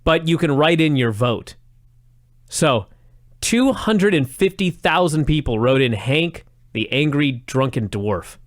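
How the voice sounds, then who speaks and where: An animated man co-hosting a podcast, talking over old wrestling shows with a sarcastic edge and frequent laughs. His pitch sits a little high and swings widely, and the sound is dry and close with no room echo. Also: measured pace. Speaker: podcast co-host. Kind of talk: casual chat reviewing old wrestling.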